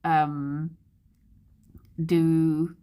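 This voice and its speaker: Slow-talking woman chatting. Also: low voice, flat delivery, mellow, smooth. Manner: chatty, rambling, laughs often. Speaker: livestreamer. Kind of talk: casual chat.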